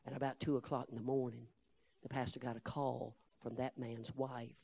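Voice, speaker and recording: A man preaching a Baptist sermon, telling folksy stories and moving from low, confiding tones to loud, shouted rebukes. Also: flat delivery, moderate pace, gravelly. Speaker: Baptist pastor. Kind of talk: fiery storytelling sermon.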